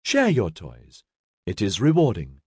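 A man's voice: fairly low pitch, huge pitch swings, measured pace, darkish tone, slightly rough, no room sound, studio quality, heavily acted. A man voicing a childcare robot that chides children in a melodious, stilted, polite way in an audiobook. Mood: chiding. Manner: stilted, politely scolding speech. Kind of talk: audiobook character voice.

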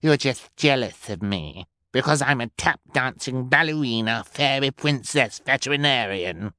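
A bratty little girl sneers in a high voice, spoiled and rude, as a male narrator puts her on. Her pitch leaps about in a lively way. The recording is close and dry. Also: unhurried, dry recording. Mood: sneering.

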